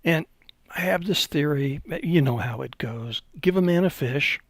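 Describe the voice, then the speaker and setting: A man's voice: a little high, measured pace, no room sound. A man giving an unscripted hydraulics webinar, telling folksy stories with some hesitations. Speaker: hydraulics instructor.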